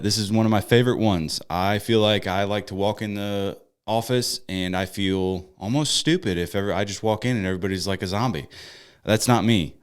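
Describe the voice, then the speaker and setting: A man co-hosting a casual podcast, talking in an upbeat, energetic and jokey way. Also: lowish voice, clean tone. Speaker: podcast co-host.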